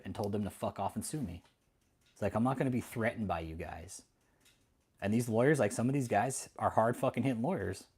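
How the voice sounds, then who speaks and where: A man's voice: fairly low pitch, a little mellow, slightly rough. A middle-aged man from Texas, hosting an angry, profane commentary rant full of defiance and swearing. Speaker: host.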